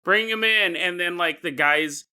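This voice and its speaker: A man hosts a podcast and tells a story as a jokey monologue, laughing often. His voice is high and very bright, with a sharp edge. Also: unhurried, clear, resonant tone. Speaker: podcast host.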